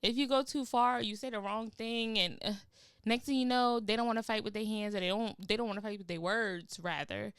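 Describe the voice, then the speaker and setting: A woman hosting a podcast, telling stories in an animated way and using casual slang. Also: medium pitch, fairly quick, smooth, no echo, studio quality. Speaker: podcast host.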